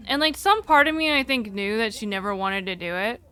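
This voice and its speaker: A woman's voice: a little high, lively intonation, a little fast, sharp tone. A young woman live streamer telling a personal story in a casual, rambling way, full of "like" and casual swearing, between reading chat. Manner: rambling, candid, fillers like "like" throughout.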